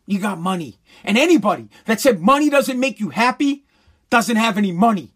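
A man's voice: very high voice, lively intonation, brisk, fairly bright tone. Blunt, swearing man ranting. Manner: blunt, heated and sarcastic, with crude swearing. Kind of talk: profane opinion rant.

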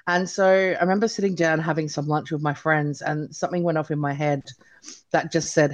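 A woman's voice: sits low, brisk. Chatty woman guest telling her story. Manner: chatty, animated, many fillers like "like" and "you know". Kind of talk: casual interview storytelling.

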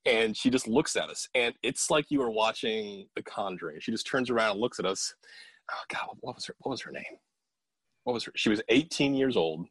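A man with a low, slightly husky voice tells a paranormal story in a casual, animated way, swearing as he goes. He quotes the people in the story in his own voice. The recording is dry and close. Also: fairly quick, no room sound. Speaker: paranormal investigator telling a story.

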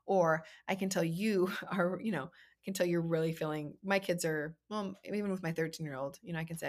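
A woman's voice: fairly low pitch, steady tone, brisk. A woman in her thirties hosting a casual conversation, talking in long, reflective, affirming thoughts. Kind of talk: casual chat.

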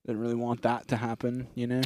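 A young man co-hosting a crude comedy podcast, riffing in a deadpan way with his friend. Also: fast talker, slight background noise. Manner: deadpan riffing, acts out squeaky voices in stories. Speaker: podcast co-host. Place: podcast studio. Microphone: close studio mic.

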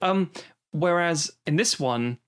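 A man's voice: fairly high pitch, slow pace, fairly bright tone, smooth. A man co-hosting a film podcast with sardonic, sweary commentary and lots of hedging asides. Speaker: podcast co-host. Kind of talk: casual film-review banter.

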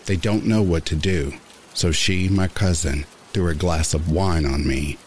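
A man reading a first-person horror story aloud in a measured, somber narration. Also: low voice, a little mellow, slight background noise. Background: rain sounds.

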